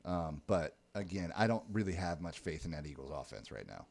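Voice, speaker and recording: A man's voice: sits low, big pitch swings, brisk, gravelly, a little mellow. A man co-hosting a casual fantasy football podcast, laid-back and joking, often trailing off with ums. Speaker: podcast co-host. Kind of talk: casual chat.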